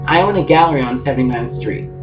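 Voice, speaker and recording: A man's voice: medium pitch, fast, echoey room, close to an everyday voice. A man reading aloud, voicing a smug French gallery owner in his thirties with a French accent. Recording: muffled with guitar music.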